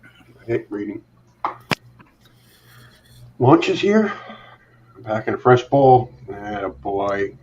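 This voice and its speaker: A man's voice: on the low side, sing-song, slow, pauses often, darkish tone, roomy sound. A man chatting casually on a livestream, making offhand wry asides. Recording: dull lo-fi sound with faint hiss.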